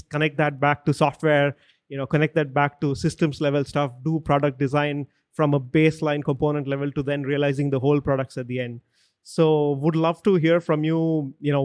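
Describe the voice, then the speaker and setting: Flat-toned podcast host. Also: male voice, a little high, no room sound, clean studio sound. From India. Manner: leans on "you know" and "at the end" as fillers. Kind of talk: interview podcast hosting.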